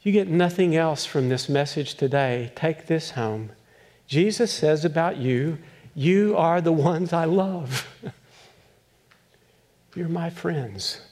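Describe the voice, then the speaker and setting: A male pastor preaching a sermon, telling a story with acted-out voices and chuckles, then asking animated questions. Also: fairly high pitch, measured pace.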